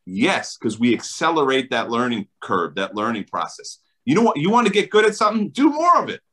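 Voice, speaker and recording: Animated New Jersey man, bright voice. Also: mid-range voice, brisk, poor audio. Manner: enthusiastic, emphatic, laughs often. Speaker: chiropractor guest. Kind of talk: animated interview talk.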